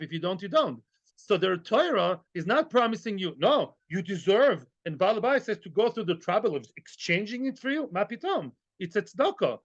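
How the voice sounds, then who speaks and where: A man teaching a daily Talmud class, lively and conversational, mixing in Hebrew and Yiddish terms and often checking in with "yeah?". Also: high voice. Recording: dull lo-fi recording.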